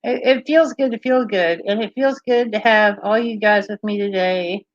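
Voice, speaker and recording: A woman's voice: mid-range voice, moderate pace, dry recording, dull audio. A woman from Kentucky with a mild Southern accent, hosting a casual livestream and chatting playfully while reading out viewer comments. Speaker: livestream host.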